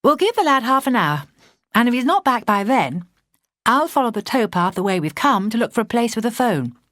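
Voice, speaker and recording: A woman voicing a practical young woman in charge of a canal boat, brisk and decisive. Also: a little high, sing-song, a bit bright, no room sound, clean studio sound, voice pushed up. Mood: urgent.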